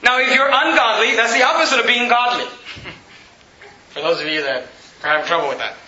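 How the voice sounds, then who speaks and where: A pastor delivering an emphatic sermon, a man who rises to shouts and reads scripture aloud to his congregation. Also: extremely high pitch, lively intonation, moderate pace. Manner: emphatic preaching, rising to shouts. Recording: echoey room, dull lo-fi sound.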